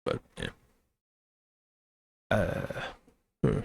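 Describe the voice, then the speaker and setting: A man's voice: fairly low pitch, fairly quick, dry recording. A man co-hosting a live stream, chatting casually about games, rambling and swearing freely while he talks to the chat.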